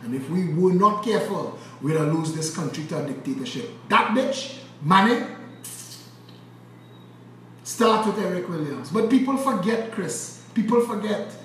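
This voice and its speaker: A high-pitched Trinidadian man rages about politics, cursing and swinging from loud bursts to low, intense muttering. His voice is captured from a distance in a very echoey room with faint background noise. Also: expressive, moderate pace, hardly any pauses. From Trinidad and Tobago. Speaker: political commentator. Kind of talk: impassioned political rant.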